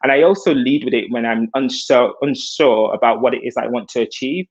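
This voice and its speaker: A hairstylist guest talks about his self-taught artistry over a video call, sounding earnest and reflective in a heartfelt, conversational way. His mid-range voice is husky and a little fast, and the sound is lo-fi.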